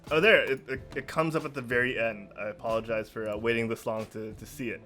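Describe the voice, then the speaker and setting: A man co-hosting a podcast, chatting casually and gushing over a show, sometimes shouting in excitement. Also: mid-range voice, quick pace, few pauses, faint music behind. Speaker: podcast co-host.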